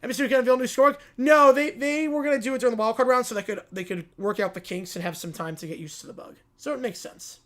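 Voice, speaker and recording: A man's voice: extremely high pitch, quick pace, hardly any pauses, bright, forceful tone. A man hosting a live sports reaction stream, casually reading and answering viewer messages. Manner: offhand, reads viewer messages and answers them. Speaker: livestream host.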